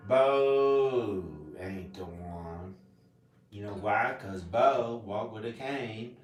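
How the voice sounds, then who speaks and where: A man rambling to camera in a casual monologue, jumping between topics with sudden loud laughing outbursts. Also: lowish voice, takes it slowly, far from the mic. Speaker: vlogger. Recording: echoey room, voice off mic.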